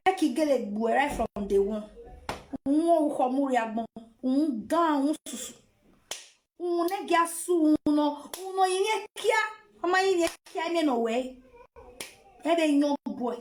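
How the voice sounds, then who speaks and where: A high-voiced Nigerian woman reacts to a clip with theatrical mockery. She wails and laughs in a swooping, lively voice and takes her time. The room around her sounds echoey. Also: unhurried, a little hiss or hum. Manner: theatrical, mocking, wailing and laughing. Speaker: reaction vlogger. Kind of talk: dramatic reaction commentary.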